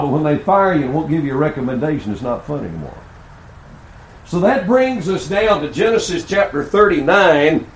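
A man's voice: on the high side, roomy sound, slight background noise, rough recording. A man preaching a sermon to a congregation, telling folksy and funny personal stories and laughing as he goes. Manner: folksy, animated, laughs through his stories. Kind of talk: sermon with humorous personal storytelling. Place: large church sanctuary.

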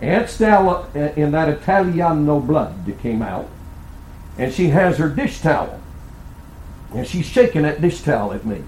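A folksy older man preaching and spinning humorous stories, his voice at a middle pitch. It rings through an echoey church sanctuary over faint ambient noise. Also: very animated, normal speed, darkish tone. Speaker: pastor. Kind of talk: sermon storytelling.

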